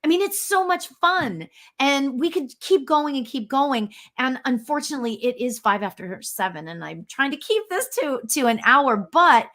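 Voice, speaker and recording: A woman's voice: sits high, lively intonation, moderate pace, hardly any pauses, fairly bright tone. A woman hosting a weekly spiritual talk show, chatting casually and often exclaiming with enthusiasm. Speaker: host.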